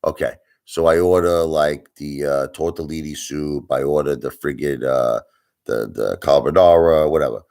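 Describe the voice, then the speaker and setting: A man hosting a live stream, telling a story in a casual, animated way, with plenty of swearing and repetition for emphasis. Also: very deep voice, normal speed. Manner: animated, profane, repeats himself for emphasis. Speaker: livestream host.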